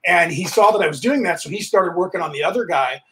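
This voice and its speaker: High, husky man telling stories. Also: fast. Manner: animated, re-enacts dialogue while telling stories. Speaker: podcast host. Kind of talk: casual anecdotal storytelling.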